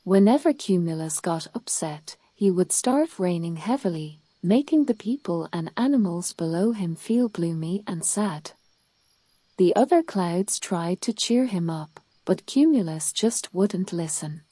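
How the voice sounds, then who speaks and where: A woman reading a children's bedtime story aloud in a calm, soothing way. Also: fairly low pitch, a little slow, no room sound.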